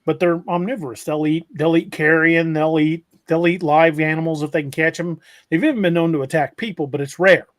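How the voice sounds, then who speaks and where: A man's voice: a little high, steady tone, a little fast, few pauses, no echo, clean studio sound. A man hosting a podcast, telling stories in a casual, rambling way with many restarts. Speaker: podcast host.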